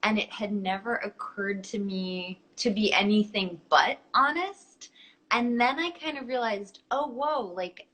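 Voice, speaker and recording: A woman's voice: medium pitch, unhurried, bright, forceful tone, rough recording. A young woman author talking over a video call from her home studio, earnest and reflective, a little self-deprecating. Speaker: author guest. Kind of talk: casual interview chat.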